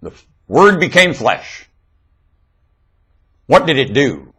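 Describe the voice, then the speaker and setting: Man, husky and forceful, preachy webcam monologue, emphatic, loud-then-hushed delivery. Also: mid-range voice, sing-song, takes it slowly, pauses often, rough recording. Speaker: webcam commentator. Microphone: webcam microphone.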